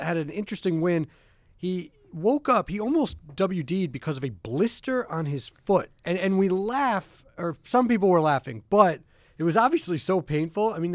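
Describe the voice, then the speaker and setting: A man hosting a studio podcast in a rambling, self-deprecating way. His voice sits a little high for a man. The room is dry and close. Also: no room sound. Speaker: podcast host. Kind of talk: casual studio chat.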